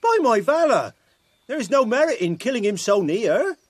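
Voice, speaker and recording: An actor playing a boastful but cowardly country squire who swears quaint oaths. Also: male voice, extremely high pitch, very animated, normal speed, breathy edge, no room sound, full character voice. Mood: blustering. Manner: blustering, oath-swearing, nervous.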